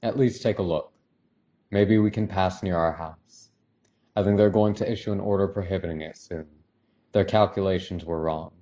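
A man's voice: deep voice, steady tone, moderate pace, dark tone, natural voice. A man doing an anguished, stubborn husband. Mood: urgent. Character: anguished middle-aged husband, proud and stubborn.

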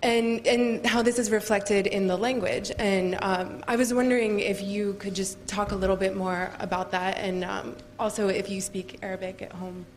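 A woman's voice: medium pitch, fairly even intonation, moderate pace, few pauses, slight background noise. A woman in the audience asking an author a question, hesitant and full of ums.

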